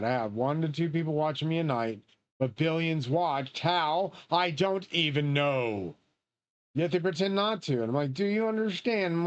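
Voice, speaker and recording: A man talks over his game stream in a loose, rambling way, full of swearing and grand claims. His voice sits a bit high for a man. The sound is muffled and lo-fi. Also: a little mellow. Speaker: livestreamer playing a shooter game. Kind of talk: rambling live-stream chat.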